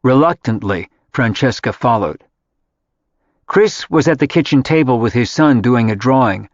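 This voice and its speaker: A man reading a contemporary novel aloud in scripted narration, measured and even. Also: medium pitch, dry recording. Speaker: audiobook narrator. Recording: dry, slightly dull audiobook audio.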